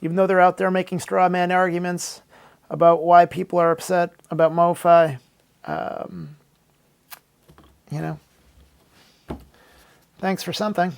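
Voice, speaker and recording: A man narrating a sarcastic, mock-dramatic story as a comedic vlog. His voice is high for a man and gravelly throughout. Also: level tone, a little slow, long pauses.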